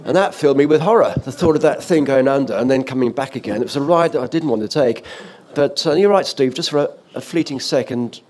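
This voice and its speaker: Older male former DJ, lively anecdote teller on a panel stage. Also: mid-range voice, quick pace, few pauses. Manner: animated anecdotal, with laughs and restarts. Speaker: former offshore radio DJ, guest. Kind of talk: storytelling in a panel talk. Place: event stage or hall.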